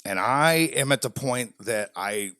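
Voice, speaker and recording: A man from the Midwest co-hosting a podcast, telling a long story in a lively, laughing way. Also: medium pitch, a little slow, no room sound, studio quality. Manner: animated storytelling, frequent laughter. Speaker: podcast co-host. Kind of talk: casual podcast chat.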